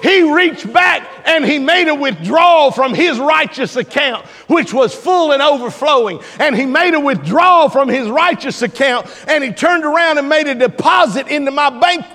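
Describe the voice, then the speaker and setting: A man preaching a sermon, moving from quiet teaching to shouted, drawn-out preaching. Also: very high-pitched, expressive. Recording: long hall reverb.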